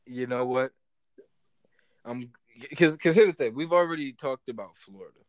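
A man's voice: mid-range voice, normal speed, a little mellow, dry recording. A man co-hosting a casual podcast chat, talking animatedly, swearing and repeating himself as he jokes. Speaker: podcast co-host.

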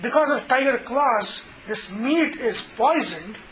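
A sly, plotting fox, as a man tells it, in a fable told aloud. The voice sits high and bright, and the talk stays light and conversational. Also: lively intonation, takes it slowly, slight background noise, exaggerated voice, rough recording. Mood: scheming. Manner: storytelling tone, conversational. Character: cunning scheming fox, male, sly.

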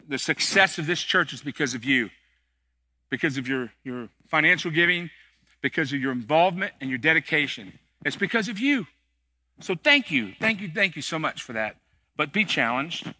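A man's voice: a little high, bright, forceful tone. A middle-aged man, an executive pastor, preaching a sermon in a church in a conversational, joking and emphatic way. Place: church sanctuary.

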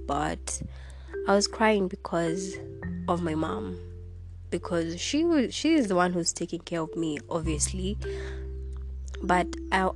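A young woman hosting her own podcast, candidly telling a personal story in a casual way and laughing between lines. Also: on the low side. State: sick with fever, lost taste and smell. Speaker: podcast host.

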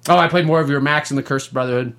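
Talking very fast in a mid-range voice, a man co-hosting a gaming podcast spins animated, profane stories and laughs a lot along the way.

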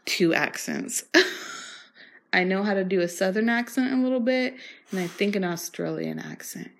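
A woman's voice: medium pitch, sing-song, moderate pace, gravelly. A young woman co-hosting a casual chat show, giggly and chatty as she reads old ads aloud. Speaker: podcast co-host.

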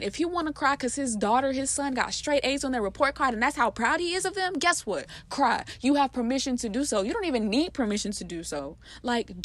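A woman talking passionately and casually about a poem she wrote, speaking emphatically in bursts with lots of fillers. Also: sits high. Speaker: poet explaining her poem. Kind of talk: casual heartfelt monologue.

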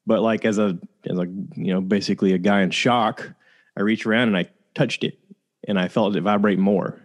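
A man casually telling a personal story to his listeners, candid and conversational, with frequent pauses and fillers. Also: on the low side, steady tone, muffled recording.

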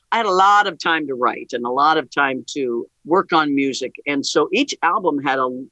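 A woman's voice: sits low, a bit bright, dry recording, highs cut off. A middle-aged woman, a rock musician, talking candidly as an interview guest, laughing often and restarting her sentences. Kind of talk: casual interview conversation.

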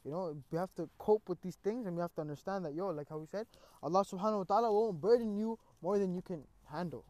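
A man's voice: sits high, fast, no echo. A young man in casual conversation, telling a personal story with street slang and lots of "bro", acting out his own reactions. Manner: animated, acts out his own cries.

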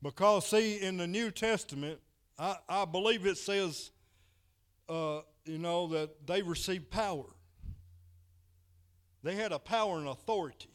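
A man's voice: high voice, unhurried, pauses often. Folksy preacher man. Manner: folksy, repeats "he said" while retelling a story. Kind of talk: sermon with storytelling.

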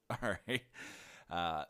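A man's voice: deep voice, lively intonation, very slow, pushed and bright, clear, resonant tone. A man hosting a casual science podcast, laid-back and joking, who often laughs at himself and keeps correcting himself mid-sentence. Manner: frequent restarts and self-corrections. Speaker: podcast host.

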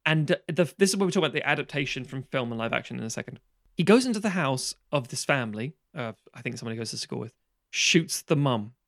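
On a podcast, a man casually retells a film plot in a lively, sweary way, acting out the characters' lines. He talks fast in a creaky, medium-pitched voice, and the studio sound is clean with no room echo.

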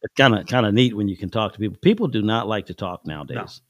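A man's voice: on the low side, fast, no room sound. A middle-aged man telling stories from his life in a casual chat, folksy and chuckling, acting out the people in his anecdotes.

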